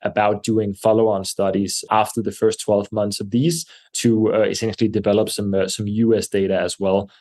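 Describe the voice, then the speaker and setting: A man speaking as a podcast guest, measured and thoughtful, with frequent fillers and restarts. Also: fairly low pitch, little pitch movement, darkish tone. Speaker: guest, air purification company representative. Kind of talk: podcast interview answers. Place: New York.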